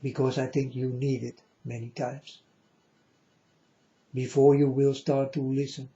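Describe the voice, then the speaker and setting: Man, insistent repetitive preacher, deep dark timbre, muffled home audio. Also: flat delivery, unhurried. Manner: repetitive, insistent, addresses listeners as folks. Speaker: self-styled religious speaker. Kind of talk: preaching monologue to viewers. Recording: dull lo-fi recording.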